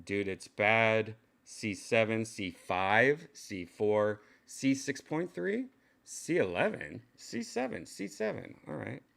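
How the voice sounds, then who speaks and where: A man's voice: on the low side, animated, slow pace, gravelly, fairly bright tone. A man livestreaming casual chat to his viewers, loose and rambling, swearing casually as he tests gear. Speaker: vlogger testing a VR headset mic.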